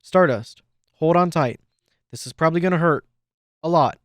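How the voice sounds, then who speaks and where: A man's voice: a little high, lively intonation, fast talker, no echo, studio quality, close to an everyday voice. A man reading an earnest young unicorn hero. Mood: urgent. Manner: urgent, earnest. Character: young unicorn hero, anxious but brave.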